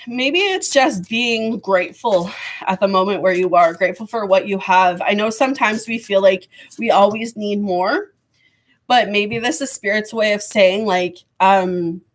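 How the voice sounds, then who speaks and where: A woman giving a live tarot reading to viewers, rambling and hesitant with many fillers, her voice going hoarse with frequent throat clearing. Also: mid-range voice. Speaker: tarot reader.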